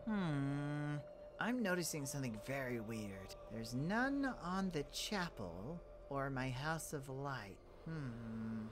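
Low animated woman host in a game role-play, big swings in her delivery. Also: takes it slowly, noisy background. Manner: animated, jumping between alarm and calm musing. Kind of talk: in-character role-play chat with a channel outro.

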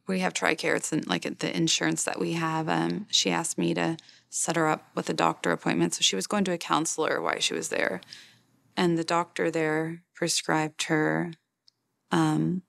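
A woman in her forties speaks in a deep, heavily gravelly voice, telling her story plainly and haltingly with lots of fillers and restarts. The sound is dry and close, with no room around it. It is an interview for a documentary. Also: no echo. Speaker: grieving mother interviewed for a documentary. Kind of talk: personal testimony in an interview.

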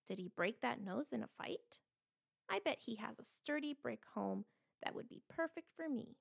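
A woman's voice: fairly high pitch, expressive, moderate pace, vocal fry, heavily acted. A woman voicing a picky, adventurous storybook dog. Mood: curious.

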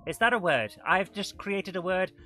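A woman's voice: lowish voice, lively intonation, normal speed, pushed and bright, soft background music. A woman, chatting through a live retro game stream, self-mocking and greeting chat viewers. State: coughing and out of breath. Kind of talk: live gameplay commentary.

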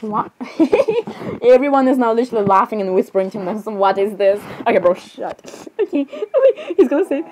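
A woman doing game role-play commentary, giggly and excitable, rambling with frequent fillers and bursts of laughter. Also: a little high, brisk, a little hiss or hum, poor audio. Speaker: gaming vlogger.

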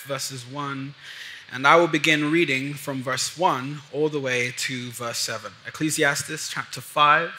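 A male pastor preaching with a bright, forceful edge to his voice, pitched a little above most men. He is earnest and slows right down to draw out key words for emphasis. In prayer he drops to a soft, low hush. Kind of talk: sermon.

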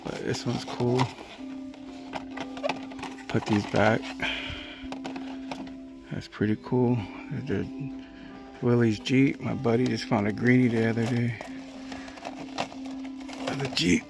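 A man's voice: mid-range voice, steady tone, slow pace, vocal fry, pauses often, music in the background. A man from California in casual commentary as he walks a hobby store, muttering laid-back reactions and ranting about prices. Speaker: diecast collector vlogger.

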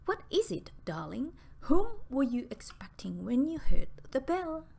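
A woman reading as Amy, a gentle soothing young woman. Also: high voice, very animated, a little slow, vocal fry, a little hiss or hum, pitched above the performer's own voice, full character voice. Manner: gentle, reassuring.

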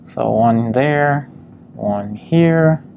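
Man, painting instructor, relaxed demo narration, soft fry in the voice. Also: mid-range voice, very slow, phone-quality sound, slight background noise. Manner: calm step-by-step explaining with frequent ums.

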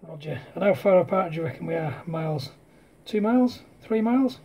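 A man chatting casually on CB radio, speaking quietly close to the mic at home at night, using CB slang. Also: high-pitched, expressive, a little fast, husky. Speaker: CB radio operator. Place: home at night, partner asleep. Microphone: close to radio handset mic.

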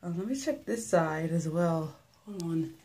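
A woman's voice: lowish voice, expressive, unhurried, dark tone. A young woman talking casually and rambling through a hair-washing vlog. She is filming herself with a handheld phone in a bathroom at home and is a little out of breath. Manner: chatty, rambling, filler-heavy. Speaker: hair vlogger. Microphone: phone held by hand.

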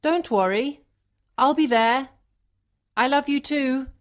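A man's voice: very high voice, slow, clear, resonant tone, pitched above the performer's own voice. A man voicing an earnest young Irish woman about to marry, in an audiobook story for learners. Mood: happy. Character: Irish bride-to-be, young, lovestruck.

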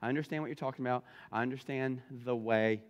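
A man's voice: medium pitch, steady tone, fast, close to an everyday voice. A male pastor voicing an evasive, fearful Roman governor who brushes things off and hedges. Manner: hedging, dismissive.

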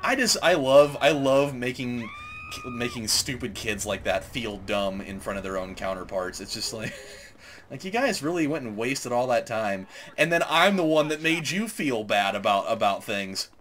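A man's voice: medium pitch, wildly swooping pitch, normal speed, fairly bright tone, slight background noise. A man hosting a let's play, telling rambling stories over gameplay and laughing often. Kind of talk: casual gameplay commentary.

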